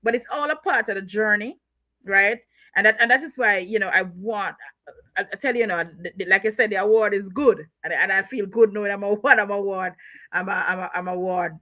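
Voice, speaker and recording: A woman's voice: mid-range voice, fairly quick, highs cut off. A woman guest author in a conversational interview, often repeating herself and laughing as she talks.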